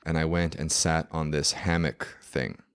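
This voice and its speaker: Man with a very low voice, podcast guest, animated casual storyteller. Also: a little slow, clear, resonant tone. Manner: animated, many fillers like "like".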